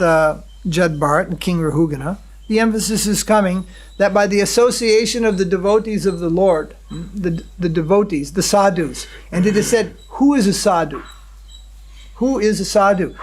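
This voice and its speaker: Male spiritual teacher, high-pitched, halting devotional lecture delivery with audience check-ins. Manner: checks in with the audience with a questioning hum; unhurried, halting, with many fillers and restarts.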